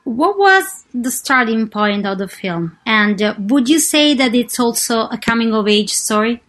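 A woman's voice: fairly high pitch, expressive, unhurried, fairly bright tone. A woman interviewing a filmmaker for a festival radio, asking curious, prompting questions.

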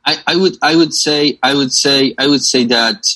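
A man's voice: medium pitch, normal speed, bright, forceful tone, rough recording. A young Polish man, a film director, answering in English with a Polish accent, hesitant and full of uhs and repeated words.

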